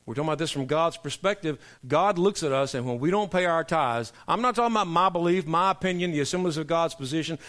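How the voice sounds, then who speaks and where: A middle-aged male pastor preaching a sermon to his congregation, emphatic and preacherly, dropping low for punchlines. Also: expressive, quick pace, hardly any pauses, fairly bright tone. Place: church sanctuary.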